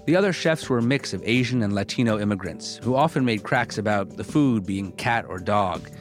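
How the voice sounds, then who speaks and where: A man hosting a documentary-style podcast, narrating in a measured, clear way and interviewing a guest. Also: on the low side, animated, faint music behind.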